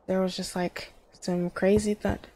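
Her medium-pitched voice is warm, flat in delivery and measured in pace. She's a gamer narrating her horror playthrough, jumpy and exclaiming, speaking to herself and her audience.

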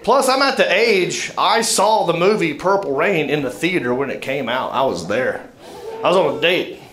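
A middle-aged stand-up comedian with a Southern US accent tells a story on a comedy club stage, drawling and poking fun at himself as he builds toward punchlines. His voice is fairly high and a bit bright, expressive, at a moderate pace. The stage sounds echoey, with the audience laughing in the background.

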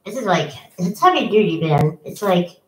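Between songs at a home concert indoors, a young woman musician chats casually, full of ums and self-deprecating asides. Her lowish voice swings widely in pitch at a moderate pace, recorded from a distance in an echoey room.

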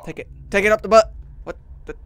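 Excitable high-voiced male gamer. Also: fast, a little hiss or hum. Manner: excitable, swings from mumbling to loud outbursts; crude, joking. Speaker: gaming video host. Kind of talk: casual let's-play commentary.

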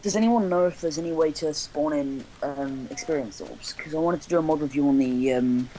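A man's voice: on the high side, fairly quick, dark tone, a little hiss or hum, rough recording. Young man, gamer, casual crude banter, headset mic. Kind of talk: casual gaming chat.

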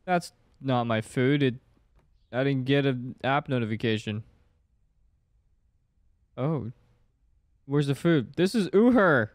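A man's voice: mid-range voice, animated, slow, pauses often, no room sound, studio quality. A young man gives jumpy commentary while playing a horror game, talking to himself and swearing now and then. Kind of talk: gameplay commentary.

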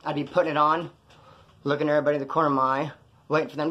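Fast-talking, profane man spinning stories. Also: a little high, flat delivery, bright, forceful tone. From California. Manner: profane, rambling, acts out other people's lines. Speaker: storyteller recounting jail time. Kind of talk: casual storytelling.

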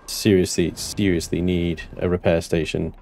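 A man narrating his own gameplay, excitable and talking to himself, swearing now and then. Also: low-pitched, normal speed, gravelly, noisy background. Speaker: gameplay commentator. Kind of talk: let's play commentary.

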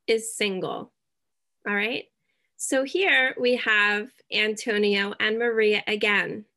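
A woman teaching a beginner English lesson, speaking deliberately, checking in often and dropping in Spanish words. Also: fairly high pitch, fairly bright tone. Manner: slow, deliberate, checks in with "okay?".

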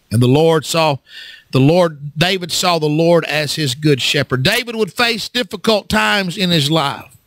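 A man preaching a fervent sermon as pastor, swinging from low talk up to shouts and calling on the congregation to answer. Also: no room sound. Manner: fervent, rises to shouts, call and response.

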